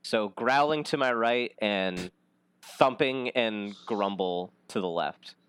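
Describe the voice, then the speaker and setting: A man speaks as a player in a casual tabletop game, with a lowish voice that is smooth and resonant. He is excitable, swears freely and breaks into loud outbursts. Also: slow.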